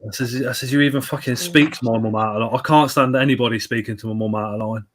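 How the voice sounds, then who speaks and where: A man's voice: medium pitch, steady tone, quick pace, fairly bright tone. A man in his thirties telling blunt, sweary anecdotes on a live stream. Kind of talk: casual storytelling chat.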